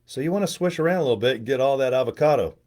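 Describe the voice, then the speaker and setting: A man's voice: medium pitch, expressive, rapid-fire, darkish tone. Rambling, crude middle-aged man on a webcam. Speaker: video host. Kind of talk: casual livestream chat. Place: at home, indoors.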